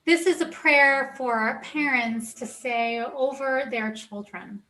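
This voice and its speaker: A woman's voice: sits high, takes it slowly, far from the mic, poor audio. A woman leading a family worship service, inviting people to read prayers with her. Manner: warm and inviting. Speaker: service leader.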